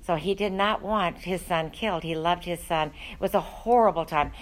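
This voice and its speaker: A woman's voice: on the low side, normal speed, poor audio. A woman teaching a Bible study, talking in an earnest, conversational way with frequent ums and uhs.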